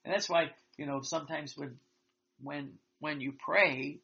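A man giving an earnest, reflective spiritual talk, slow and halting with many restarts. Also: on the high side, creaky, sharp tone, breathy edge. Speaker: religious teacher. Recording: dull lo-fi sound.

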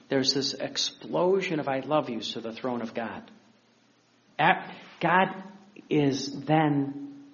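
A man's voice: medium pitch, fairly bright tone. A man preaching a conversational sermon, acting out quotes and chuckling as he goes. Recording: dull lo-fi recording.

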